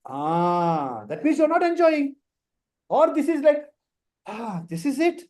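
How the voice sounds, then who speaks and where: A man's voice: very high voice, very animated, slow, darkish tone. Teasing Telugu-accented Indian man. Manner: playful, teasing, mixes Telugu into English. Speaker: instructor leading a career workshop. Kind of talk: joking live online class.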